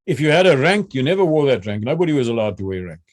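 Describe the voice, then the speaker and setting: A man's voice: mid-range voice, big pitch swings, quick pace, no echo, clean studio sound. Older man recalling army training. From South Africa. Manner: repeats words when starting, acts out shouted drill calls. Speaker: retired general interviewee. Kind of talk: recounting memories.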